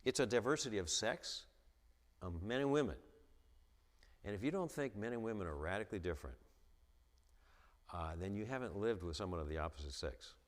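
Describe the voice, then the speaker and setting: Deep-voiced man who stutters, in a hall. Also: expressive, fairly quick, long pauses. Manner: stutters, repeats the starts of sentences. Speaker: guest speaker at a church. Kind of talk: lecture-style church talk. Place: church hall with an audience.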